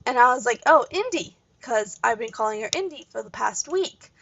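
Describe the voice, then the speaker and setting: A woman's voice: on the high side, lively intonation, a little fast, vocal fry, fairly bright tone, dry recording. A young woman from Canada hosting a gaming channel, telling a casual story full of fillers and side tangents. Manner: rambling, full of fillers and asides. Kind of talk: casual storytelling while playing a game. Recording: dull lo-fi home mic.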